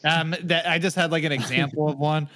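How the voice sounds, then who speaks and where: Podcast host, male, profane storyteller, a little high-pitched. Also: fairly even intonation, fairly quick, bright, forceful tone. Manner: profane, rambling, laughs often. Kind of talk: casual podcast chat.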